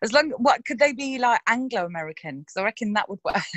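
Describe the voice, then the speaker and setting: A woman's voice: on the high side, expressive, normal speed, dry recording. Chatty woman, dry close sound. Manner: chatty and frank, laughs often. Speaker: actress interviewed about her roles. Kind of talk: casual interview chat.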